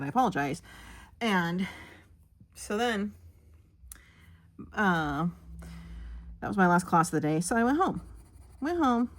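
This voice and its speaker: A woman hosting a coloring video, telling a long, animated story full of fillers and acted-out quotes. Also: fairly low pitch. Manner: drops to a whisper for asides while working. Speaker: coloring channel host. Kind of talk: chatty storytelling while coloring.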